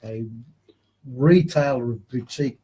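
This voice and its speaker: A guitar maker who is a guest on a casual talk show. He speaks hesitantly and starts over with many fillers. His voice is husky. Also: medium pitch, unhurried, warm tone, low-quality recording.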